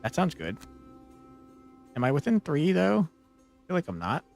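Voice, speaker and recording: A man streaming a tactical board game, commentating as he plays and often swearing and yelling at the game in frustration. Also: on the high side, wildly swooping pitch, a little slow, gravelly, faint music behind. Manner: exasperated, swears and yells at the game. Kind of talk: gameplay commentary.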